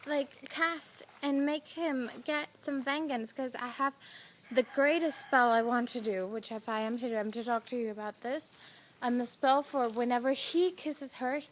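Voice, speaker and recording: A teenage girl vlogger with a high-pitched, slightly bright voice vents to the camera in a chatty storytime, cursing often and replaying events as back-and-forth dialogue. There's slight background noise, with roosters crowing faintly outside.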